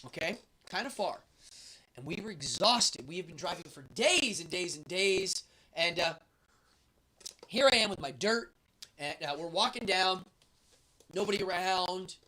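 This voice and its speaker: A man's voice: high voice, expressive, unhurried, pauses often, sharp tone. A man hosting a show, telling a travel story in a casual, rambling way with many fillers.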